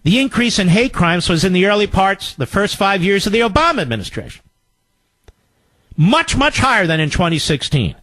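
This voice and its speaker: A man's voice: sits high, big pitch swings, normal speed, a bit bright, no room sound, low-quality recording. A middle-aged man hosting a talk radio show, delivering a combative, sarcastic political commentary monologue.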